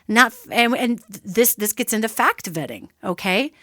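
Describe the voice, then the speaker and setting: Lively woman radio host, fairly high voice, talks straight to listeners, dry sound. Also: normal speed, no room sound. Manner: animated, emphatic, conversational teaching; addresses listeners directly. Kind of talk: solo radio talk.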